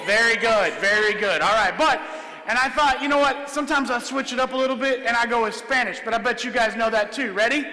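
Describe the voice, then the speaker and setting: A man performing a comedic illusion show for children, jokey and energetic, often checking in with "all right?". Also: extremely high pitch, brisk, slight background noise. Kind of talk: comedic stage magic show for kids. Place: large church hall with high ceiling. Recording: echoey hall, live stream.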